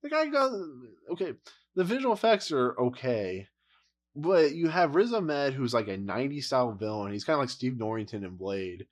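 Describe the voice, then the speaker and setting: A man's voice: medium pitch, sing-song, moderate pace. Man, casual review rant, blunt, exasperated, rambling. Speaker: movie reviewer.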